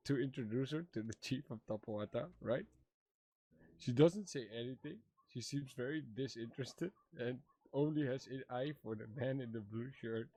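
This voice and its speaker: A man's voice: mid-range voice, normal speed, no echo, natural voice. A man playing Mato, a playful married tribesman in a western roleplay, telling stories in broken English and acting out the voices of others. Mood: amused. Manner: broken English, animated retelling with quoted voices. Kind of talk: in-character roleplay chat.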